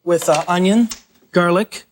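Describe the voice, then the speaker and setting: A man assisting in a TV studio kitchen, calmly explaining a soup recipe in short, matter-of-fact phrases. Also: high voice, unhurried, a little hiss or hum. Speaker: cooking assistant.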